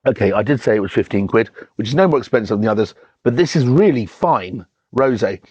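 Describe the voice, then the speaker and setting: A man's voice: on the low side, expressive, fast, a little mellow, breathy edge, no echo, lo-fi sound. A man hosts a casual wine tasting, talking enthusiastically with lots of ums and restarts. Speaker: wine reviewer and show host.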